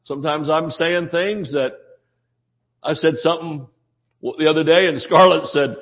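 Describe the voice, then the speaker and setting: A man's voice: on the high side, moderate pace. A man preaching a sermon as pastor, folksy and joking, acting out the quotes of the people he talks about. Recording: dull lo-fi sermon audio.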